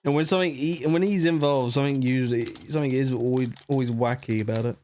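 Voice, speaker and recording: A man's voice: mid-range voice, steady tone, fast talker, a little mellow, slight background noise. A man streaming a game, rambling in casual, emotional asides between reading the dialogue. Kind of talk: casual gameplay commentary.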